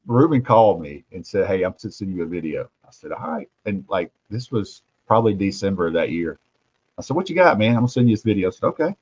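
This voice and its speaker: A low-pitched man spins animated stories on a casual sports talk show. His voice dips into hushed asides and jumps up for punchlines. The audio sounds muffled and lo-fi. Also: fast talker, husky, no echo. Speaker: host, recruiting reporter.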